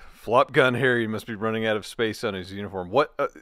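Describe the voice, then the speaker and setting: A man's voice: lowish voice, a little fast, crowd noise. A man co-hosting a casual commentary show, reading out posts and laughing at his own jokes. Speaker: co-host. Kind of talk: casual commentary reacting to social media posts.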